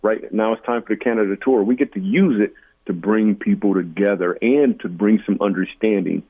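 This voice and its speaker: A comedian from Michigan telling stories in a casual interview, animated and self-deprecating. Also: male voice, lowish voice, moderate pace, slightly rough. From Michigan, USA. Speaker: comedian guest. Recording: tinny phone-like line.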